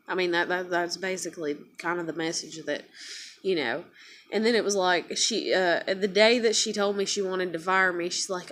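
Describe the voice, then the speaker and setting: A woman's voice: lowish voice, steady tone, normal speed, fairly bright tone, a little hiss or hum. A woman talking straight to camera in a casual confessional vlog, venting in a worn-out way, swearing often and restarting her sentences. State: weary, emotionally worn down. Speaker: vlogger.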